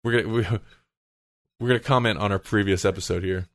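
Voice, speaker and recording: A man's voice: on the low side, steady tone, quick pace, a bit bright, no echo, clean studio sound. A man hosting a casual podcast chat, rambling with lots of fillers and frequent laughs. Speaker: podcast host.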